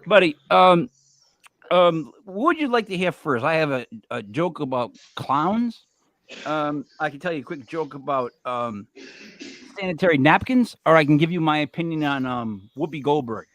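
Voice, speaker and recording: A man's voice: fairly high pitch, expressive, moderate pace, fairly bright tone, dry recording. A man co-hosting a casual show, telling a long joke with many ums and restarts. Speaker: podcast co-host.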